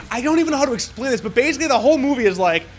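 A man in casual chat, excitedly and profanely rambling through a movie recap. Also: very high-pitched, rapid-fire, faint music behind.

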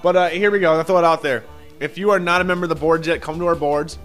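A man's voice: on the high side, fairly even intonation, quick pace, a bit bright, faint music behind. Rambling, swearing young podcast guy. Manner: rambling, swears a lot, many fillers. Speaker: podcast co-host. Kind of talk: casual podcast chat.

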